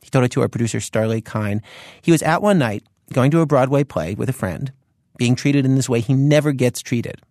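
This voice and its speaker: A man's voice: mid-range voice, expressive, fairly quick, darkish tone, dry recording, studio quality. A man hosting a radio show, introducing stories in a conversational, chatty way.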